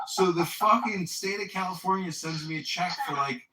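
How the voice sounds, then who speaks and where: A man's voice: high voice, moderate pace. A man in a casual chat, telling a story with lots of swearing and quoted voices. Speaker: candidate podcast host. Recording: echoey room, distant mic, faint noise.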